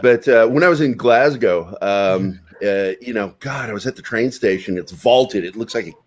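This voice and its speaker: A man's voice: lowish voice, moderate pace. A man telling stories in a casual, profane chat. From United States. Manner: profane, animated storyteller.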